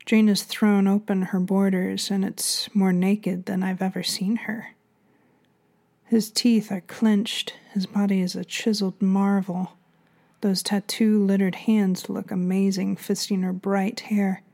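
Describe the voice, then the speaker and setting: A woman narrating an erotic audiobook in a soft, half-whispered reading voice. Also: mid-range voice, little pitch movement, measured pace, vocal fry.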